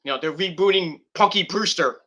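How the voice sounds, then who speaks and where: A man's voice: sits high, a little fast. A man in his thirties hosting a podcast, chatting casually in a rambling, profane way with frequent restarts. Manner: rambling, profane, restarts often, shouts in bursts. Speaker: podcast host.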